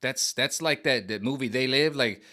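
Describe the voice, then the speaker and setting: A man rambling to camera in an animated, slangy vlog monologue. He repeats himself, restarts sentences and trails off. His voice sits at an ordinary middle pitch for a man. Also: normal speed. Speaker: vlogger.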